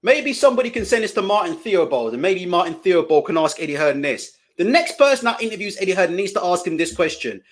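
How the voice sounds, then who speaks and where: A man's voice: high voice, sing-song, fast, hardly any pauses. A man hosting live boxing commentary, ranting indignantly and profanely, hammering the same questions again and again.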